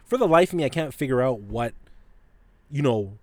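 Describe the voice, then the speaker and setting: Animated, profane man telling a story. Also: medium pitch, normal speed, dry recording. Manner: profane, laughs often, animated retelling. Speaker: podcast host. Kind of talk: casual storytelling monologue.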